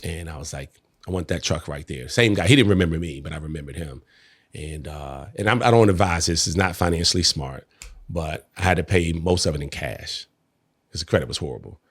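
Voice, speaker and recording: A man guesting on a podcast, telling a personal story in an animated way and acting out the quotes. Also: extremely low pitch, fairly quick, husky. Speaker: podcast guest, network marketer. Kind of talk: conversational storytelling.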